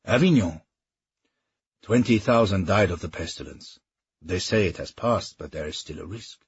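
A man voicing a cautious, aging royal adviser who speaks in a measured, deferential way in an audiobook. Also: low-pitched, breathy edge, dry recording, muffled recording, full character voice. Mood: wary.

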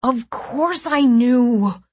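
Woman doing a teenage boy, urgent, pleading, raised, higher pitch, husky, dry. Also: measured pace. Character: frightened, pleading teenage boy who knows the plan. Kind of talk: audiobook character voice.

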